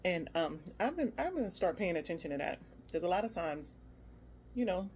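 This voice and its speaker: A woman's voice: lowish voice, sing-song, fairly quick, a little mellow, slight background noise. A woman food vlogger giving a casual, playful review, humming and exclaiming as she tastes. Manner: chatty and playful, hums and exclaims while tasting.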